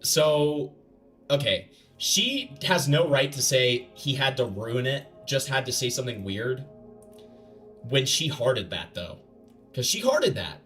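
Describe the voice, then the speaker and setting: A man's voice: medium pitch, very animated, takes it slowly, fairly bright tone, faint music behind. A man hosting an internet drama commentary, talking casually and bluntly and swearing freely. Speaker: commentary host.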